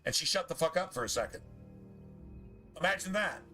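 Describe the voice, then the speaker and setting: A male streamer talks over his gameplay in a heated, profane rant. His voice sits a little high for a man and sounds sharp and tense. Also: expressive, a little fast, faint music behind. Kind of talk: ranting chat over gameplay.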